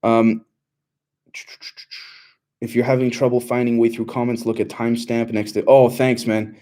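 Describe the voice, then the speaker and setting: A man's voice: medium pitch, flat delivery, moderate pace, warm tone. A young man hosting a casual livestream, reading out chat questions and answering in a loose, rambling way with many fillers.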